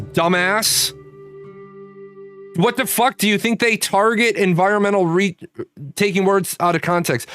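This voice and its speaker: A man's voice: high-pitched, fairly bright tone, clear, resonant tone. A man in his forties hosting a live stream, answering chat in a blunt, profane, rambling way. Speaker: streamer host. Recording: faint guitar music behind.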